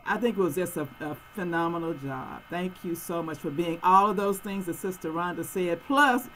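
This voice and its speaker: A woman speaking informally on a video call, offering quick words of thanks. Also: fairly low pitch, fairly even intonation, a little hiss or hum, poor audio. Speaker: parent. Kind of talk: casual chat.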